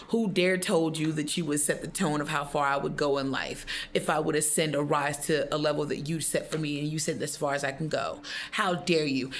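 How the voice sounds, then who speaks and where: Defiant woman, gravelly voice. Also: sits low, slight background noise. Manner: defiant and declarative, repeating affirmations. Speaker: vlogger. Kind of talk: impassioned faith monologue to camera.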